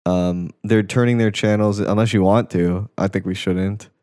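A young man's low, mellow voice drifting through casual podcast chatter. He rambles, swears freely and trails off mid-thought, and the sound is close and dry. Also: steady tone, moderate pace, dry recording. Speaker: podcast co-host. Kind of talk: casual chat.

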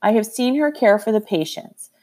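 A woman voicing a kind, gentle male doctor. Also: mid-range voice, expressive, moderate pace, pitched above the performer's own voice, close to an everyday voice. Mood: kindly. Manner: gentle, reassuring.

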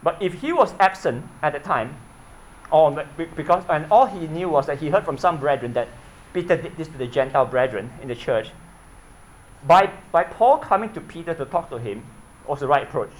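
A man's voice: fairly high pitch, lively intonation, moderate pace, poor audio. A man preaching a sermon in an earnest way, often asking his listeners questions and repeating himself.

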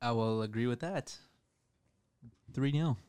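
A man's voice: medium pitch, measured pace, darkish tone, clear, resonant tone, no room sound. Male co-host, laughing banter, dry sound. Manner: laughs often, teasing banter. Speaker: podcast co-host. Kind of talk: casual sports prediction chat.

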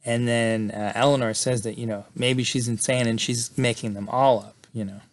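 A man's voice: mid-range voice, fairly even intonation, moderate pace. Rambling man recapping a film casually. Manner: rambling, full of "you know" and "like" fillers.

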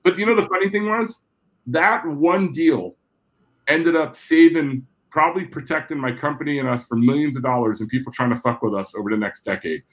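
A middle-aged man from New Jersey appears as a guest and tells stories casually in a slightly high voice, talking a little fast over a rough recording. He's animated, swears freely and acts out the characters in his anecdotes.

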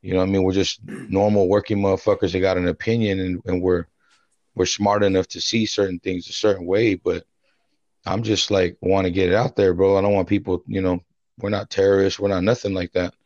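A man's voice: low-pitched, flat delivery, a little fast, darkish tone, no room sound, lo-fi sound. A man telling a story in casual chat, rambling and full of slang and swearing. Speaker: podcast co-host.

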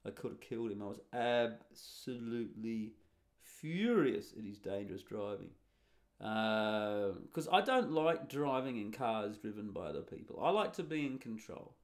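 A man's voice: fairly low pitch, expressive, a little slow. A middle-aged man telling a long, rambling story in a blunt, sarcastic and profane casual monologue. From Australia.

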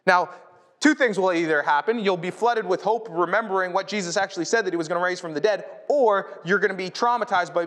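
A man from North America, a pastor, preaching a sermon in a casual, conversational way. He often repeats words as he starts a thought and rises sharply in pitch when retelling a story. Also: fairly bright tone.

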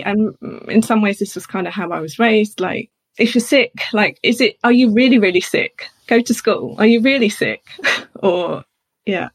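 A woman's voice: mid-range voice, creaky, breathy edge. A woman speaking openly as an interview guest, chatty and laughing now and then as she tells hard personal things.

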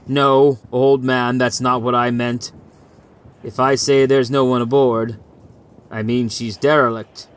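A man voicing an older male lighthouse chief who speaks in a calm, dry, matter-of-fact way. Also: medium pitch, takes it slowly, smooth, natural voice. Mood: sober.

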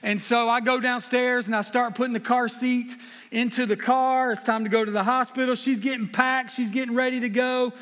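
A man's voice: extremely high pitch, level tone, normal speed, fairly bright tone, soft background music. A man, preaching as a guest with self-deprecating humor and earnest personal stories. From South Carolina. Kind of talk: sermon with personal storytelling. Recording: long reverb of a hall.

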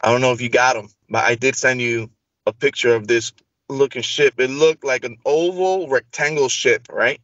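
A man's voice: medium pitch, moderate pace, no room sound, muffled recording. A man telling an interview host a long personal story in casual speech, acting out the dialogue. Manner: animated, acts out quoted dialogue. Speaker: interview guest.

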